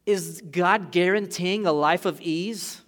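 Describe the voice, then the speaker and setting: A man in his thirties preaches with a slightly high voice, loose and conversational, acting out small scenes. His words ring out with a long reverb in a church sanctuary. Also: takes it slowly. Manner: animated, conversational preaching with acted-out asides. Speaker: pastor. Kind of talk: sermon.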